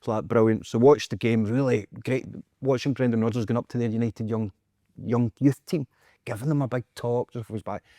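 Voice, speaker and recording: A Scottish man, a podcast co-host, telling a story in casual chat, animated and acting out quotes with frequent laughs. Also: medium pitch, a little fast, no room sound, studio quality. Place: podcast studio.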